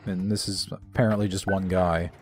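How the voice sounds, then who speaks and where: Chatty man yelling at a game. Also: low-pitched, flat delivery, moderate pace, slight background noise. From American South. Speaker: co-host playing a video game. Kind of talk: casual gaming commentary.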